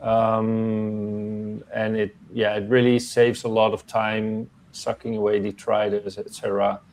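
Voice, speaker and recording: A man who is a guest in a casual chat, explaining things calmly and practically. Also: fairly low pitch, a little slow.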